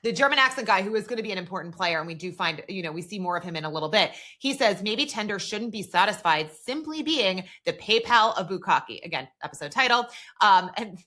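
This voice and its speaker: A woman's voice: mid-range voice, brisk. A woman co-hosting a podcast, recapping a TV episode in casual chat and acting out the characters' lines. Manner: animated, recounts dialogue in quoted voices. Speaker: podcast co-host.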